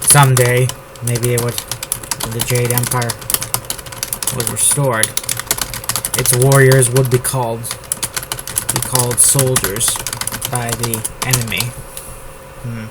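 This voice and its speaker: A man from the United States drafting his novel out loud, repeating words and phrases as he types them. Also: medium pitch, level tone, slow, long pauses, heavy background noise. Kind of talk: thinking aloud while drafting a novel. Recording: loud keyboard typing over the voice. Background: keyboard typing.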